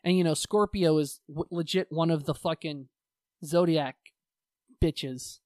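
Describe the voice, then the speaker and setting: A co-host in a casual chat recaps a show, rambling and profane, slipping into put-on voices to act out the characters' quotes. The voice is mid-range with a steady tone, a little slow and a little mellow, recorded studio-clean with no room sound.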